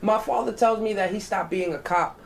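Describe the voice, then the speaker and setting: A man's voice: sits high, creaky. A man hosting a podcast, firing off casual questions and cutting in often. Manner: quick, interrupting questions. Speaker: podcast host. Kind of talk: casual interview chat.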